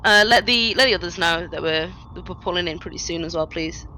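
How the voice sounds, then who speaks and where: Bright-voiced woman playing captain. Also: lowish voice, a little fast, slight background noise, rough recording. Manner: chatty, giving orders with fillers. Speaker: player as ship captain. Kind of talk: casual tabletop role-play.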